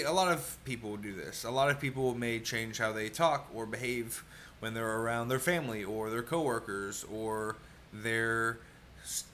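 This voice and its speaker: Bright-voiced man from Oklahoma explaining. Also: mid-range voice, a little hiss or hum. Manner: earnest, explains step by step. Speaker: autistic vlogger explaining masking. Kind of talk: explanatory solo talk to camera.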